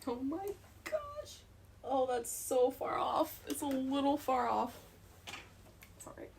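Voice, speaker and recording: A woman's voice: sits high, level tone, unhurried, vocal fry, noisy background. A young woman streaming live as she sews, chatting and giggling and muttering to herself as she works. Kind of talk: live-stream chat while sewing.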